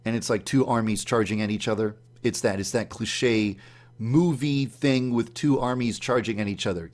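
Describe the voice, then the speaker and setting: A man telling the story of a dream in a casual, animated way, acting out his own startled reactions in a higher voice. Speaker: YouTube channel host.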